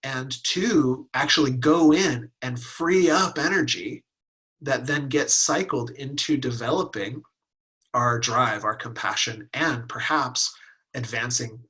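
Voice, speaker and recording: Animated husky man teaching Taoist ideas. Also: mid-range voice, slow, low-quality recording. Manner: animated, acts out inner voices with playful laughs. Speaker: Taoist teacher leading a workshop. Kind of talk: teaching a live online class.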